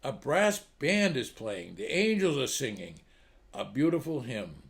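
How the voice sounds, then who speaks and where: Animated man telling jokes. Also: medium pitch, a little slow, vocal fry. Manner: animated joke delivery with acted voices. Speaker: comedy club host telling jokes. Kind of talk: storytelling jokes.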